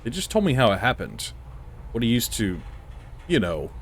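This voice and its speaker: A man reading the lines of an ambitious, pushy female TV reporter aloud from a game, in a brisk, persuasive manner. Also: medium pitch, big pitch swings, a little hiss or hum, natural voice.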